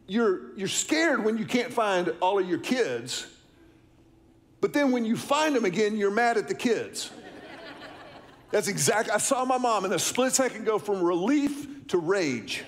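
A middle-aged man, preaching a sermon, telling a story and asking the congregation questions. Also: sits high. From Texas, US. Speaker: pastor.

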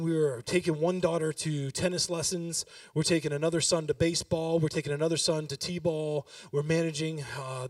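A man's voice: fairly high pitch, no room sound, clean studio sound, far from the mic. A pastor in his thirties giving a sermon, talking with the congregation and building to emphatic exhortation.

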